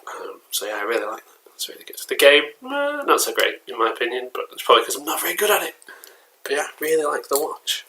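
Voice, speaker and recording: A collectibles vlogger with an English accent chats casually at home indoors, his voice on the high side with a sharp tone, very animated and quick. He rambles along in casual vlog style with frequent fillers and restarts, and the recording quality is low.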